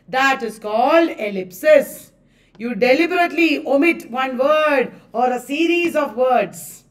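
A woman's voice: high-pitched, animated, unhurried, recorded from a distance. A woman with an Indian English accent teaching a live online class, emphatic, repeating key phrases and checking that students understood.

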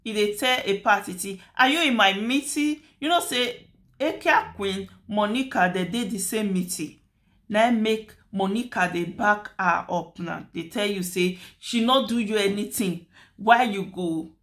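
At a measured pace and medium pitch, with a slightly bright tone, the woman discusses a dispute on her commentary channel. She speaks casual Nigerian Pidgin with a Nigerian accent, chatty and lecturing, repeating her points.

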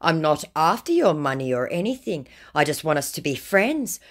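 A woman reading out the messages of a desperate male online scammer in a high, whiny, drawn-out begging voice. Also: very animated. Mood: pleading.

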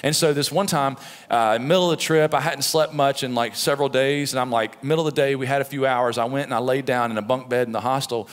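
A middle-aged pastor preaching a sermon in a conversational, storytelling way, with frequent "right?" asides. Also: male voice, mid-range voice, fairly even intonation, fast. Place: church sanctuary. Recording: long reverb of a church hall.

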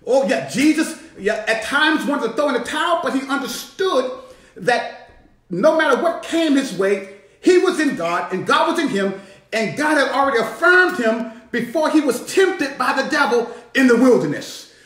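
A man preaches from the pulpit, his high voice swooping and climbing as he calls the church to respond. The sound rings around a roomy sanctuary. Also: lively intonation, moderate pace. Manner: rising, shouting preaching with call-and-response. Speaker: bishop. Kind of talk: sermon.

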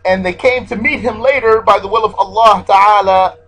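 A man with a high, husky voice gives an explanatory religious lesson. He goes over each point more than once and leans on the Arabic terms he teaches. Faint music sits under his voice. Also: steady tone, moderate pace, a bit bright, low-quality recording. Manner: repeats key points, stresses Arabic terms.

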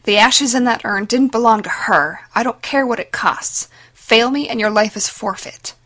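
A woman's voice: fairly high pitch, moderate pace, a bit bright. A woman voicing a vicious one-eyed female arms dealer who screams and then threatens coldly. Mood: raging. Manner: screaming, snarling, then cold menace.

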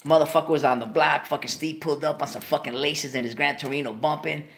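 La guy hosting, kinda high voice, swearing a lot telling a story. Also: fast. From South Central Los Angeles. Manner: profane, animated, slips into voices of people in his story. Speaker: host. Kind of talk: casual storytelling.

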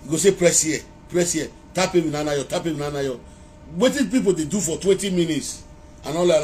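A man's voice: a little high, a little hiss or hum. Rambling man with a Nigerian Pidgin accent. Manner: rambling, animated, breaks into chanted praise calls. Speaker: social media vlogger. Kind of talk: casual live-video monologue. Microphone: phone held to face.

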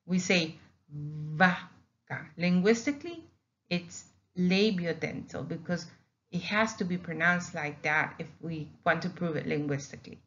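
A woman's voice: fairly low pitch, moderate pace, a bit bright, highs cut off. A woman teaching a recorded Spanish lesson, patiently repeating words for emphasis. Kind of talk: recorded slideshow lecture.

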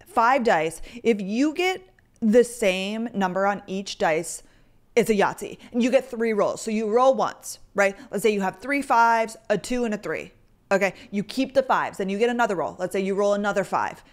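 A young woman hosting her podcast talks casually into a microphone. She rambles through stories and fills her sentences with "like." Her pitch sits in the middle of the usual range. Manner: chatty storyteller, heavy use of "like". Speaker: podcast host. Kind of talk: casual chat.

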